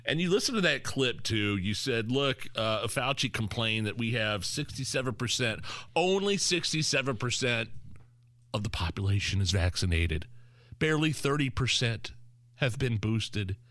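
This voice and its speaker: A man's voice: mid-range voice, expressive, normal speed, a bit bright, dry recording. A man hosting political talk radio, combative and sarcastic, with frequent restarts. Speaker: radio talk show host.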